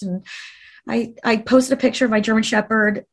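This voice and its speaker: A woman's voice: on the high side, fairly even intonation, a little fast, creaky. A woman telling an emotional personal story in an interview, earnest and conversational, with fillers and restarts.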